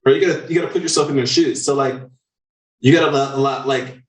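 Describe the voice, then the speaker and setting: Man, podcast host, excitable, profane, casual coaching talk, echoey room, a bit far from the mic. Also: medium pitch, quick pace. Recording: roomy echo, distant from mic.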